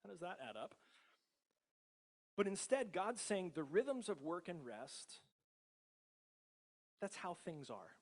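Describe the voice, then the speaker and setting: A man's voice: high voice, very animated, slow pace, pauses often. A male pastor with an American accent preaching a casual, conversational sermon, often chuckling and checking in with the congregation. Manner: conversational, laughs often, many tag questions.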